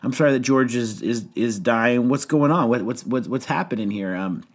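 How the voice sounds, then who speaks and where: A man's voice: mid-range voice, normal speed. A man co-hosting a podcast as a youth pastor, telling a funny story in casual chat, laughing often and acting out the quoted lines.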